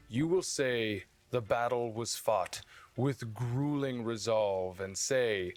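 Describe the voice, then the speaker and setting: A man's voice: medium pitch, lightly acted. A man voicing a fierce, battle-hardened knight commander giving a harsh war speech to his troops.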